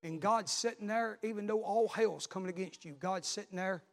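A man, a pastor preaching a sermon, telling a story and then building to loud repeated calls. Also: high-pitched, moderate pace.

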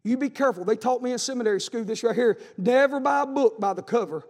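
High-voiced preacher in reverberant hall. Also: male voice, quick pace, darkish tone. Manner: fervent, repetitive exhortations with folksy asides. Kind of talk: revival sermon with personal testimony. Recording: long reverb of a large hall.

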